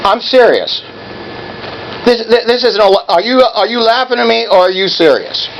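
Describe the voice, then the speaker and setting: A man's voice: high-pitched, normal speed, vocal fry, background noise. A man in his seventies calling an office and berating the person on the line, confrontational and badgering. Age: 70s. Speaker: caller. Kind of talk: angry phone call.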